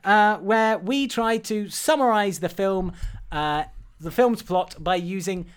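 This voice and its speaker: A man hosting a casual film podcast, animated and stumbling over his words, swearing often. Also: high voice, slow pace, clear, resonant tone. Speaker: podcast host.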